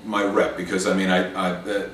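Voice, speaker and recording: A man's voice: sits low, flat delivery, moderate pace, a bit bright, recorded from a distance. A middle-aged man in a casual interview, rambling with many fillers and restarts. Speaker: interview guest, actor and acting coach. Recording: echoey room, voice from off mic, faint noise.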